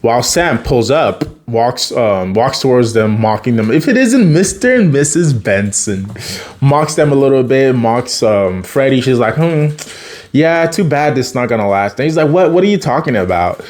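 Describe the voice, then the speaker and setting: A man's voice: mid-range voice, expressive, moderate pace, hardly any pauses, darkish tone. A man casually retelling a TV episode, chatty, laughing often and acting out the characters' lines. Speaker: TV episode recapper.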